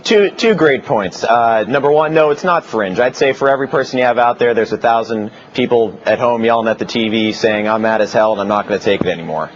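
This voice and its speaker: A man giving a TV news interview as a protest organizer, earnest and halting, with many fillers. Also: medium pitch, muffled recording, slight background noise.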